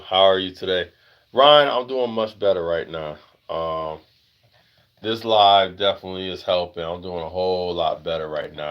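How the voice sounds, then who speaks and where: An American man hosting a casual livestream chat. He rambles with lots of fillers and jumps into high-pitched voices when he acts out other people. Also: muffled recording. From United States. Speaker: livestream host.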